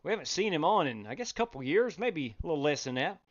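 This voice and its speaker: A man hosting a sim racing league live stream, chatting casually, reading out chat and breaking into loud exclamations. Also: fairly high pitch, very animated, quick pace, highs cut off. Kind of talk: live-stream race commentary.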